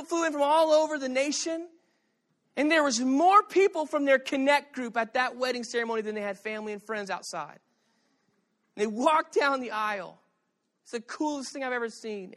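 A middle-aged male pastor preaching a sermon, telling stories with animated energy and shouting at the high points. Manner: animated storytelling, shouting at peaks.

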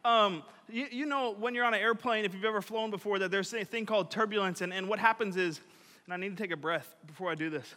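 A young male preacher with a notably high, bright voice talks his way through an energetic, chatty sermon. He drops and raises his volume often, and a long reverb fills the large hall around him. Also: quick pace. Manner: chatty, many fillers, swings between loud and quiet.

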